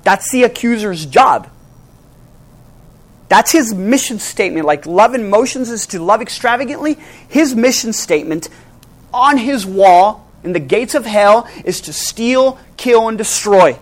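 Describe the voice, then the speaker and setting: A preacher delivering a sermon, asking rhetorical questions and slowing down to press key phrases. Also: mid-range voice, animated. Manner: dramatic, with sudden drops to hushed emphasis and slowed key phrases; asks the audience rhetorical questions.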